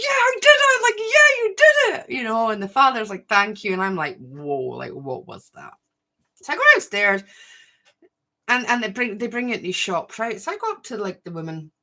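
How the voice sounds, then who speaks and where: A middle-aged woman hosts a casual livestream and tells a long story. Her voice is bright and ringing. She talks in an animated way and acts out what each person said. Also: medium pitch. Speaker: spiritual channel host.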